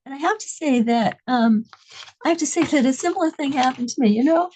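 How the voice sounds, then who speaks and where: A woman with a notably high voice tells a story in a casual talk. She stops and restarts often, repeating words as she feels her way forward. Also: darkish tone, slight background noise, rough recording. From United States, New York and Massachusetts. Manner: halting, with frequent repeats and restarts. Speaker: religious speaker.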